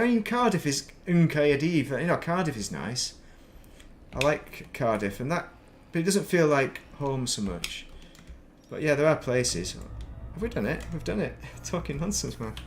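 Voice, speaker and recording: Rambling man with soft northern English accent. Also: mid-range voice, big pitch swings, measured pace, slight background noise. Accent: northern English, softened. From northern England. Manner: rambling, thinks aloud, laughs at himself. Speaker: game streamer. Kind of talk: casual chat while playing.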